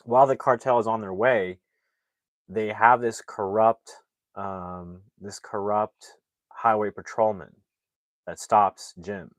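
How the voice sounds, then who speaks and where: A man with a fairly low voice talks through a film's plot in a loose, rambling recap, leaning on fillers and starting sentences over. The sound is dry and close, with no room echo. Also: steady tone, takes it slowly. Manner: rambling, heavy on fillers and restarts. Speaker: movie reviewer. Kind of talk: casual movie plot recap.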